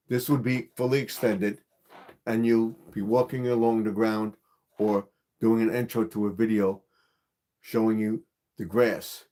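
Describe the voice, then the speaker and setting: Slow, low-voiced man demonstrating gear. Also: warm tone. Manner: repetitive, hands-on explaining with many fillers. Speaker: gardening channel host. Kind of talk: casual live-stream demonstration.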